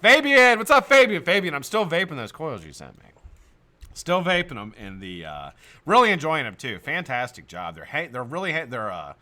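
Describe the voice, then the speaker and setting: Animated, bright-voiced American man host. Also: medium pitch, moderate pace. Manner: animated, greets viewers by name, swears and laughs often. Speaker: live-stream host. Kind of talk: casual live-stream chat.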